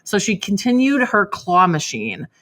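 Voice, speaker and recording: A woman podcast co-host in casual chat, reading a listener's story aloud with animated storytelling and frequent laughs. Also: medium pitch, measured pace.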